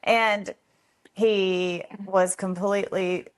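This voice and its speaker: A woman with a middle-pitched voice tells stories from her foster home in a relaxed conversational way. She acts out what others said with sudden high jumps in pitch. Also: very slow. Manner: animated, acts out quotes with big pitch jumps. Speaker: foster home founder telling her story. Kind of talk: casual conversational storytelling.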